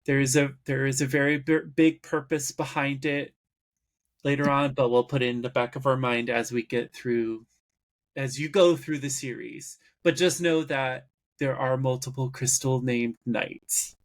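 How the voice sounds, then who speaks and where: A man co-hosting a podcast, slowly walking through a cartoon episode's plot in casual chat. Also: medium pitch, steady tone. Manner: slow, explanatory, recaps plot at length. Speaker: podcast co-host.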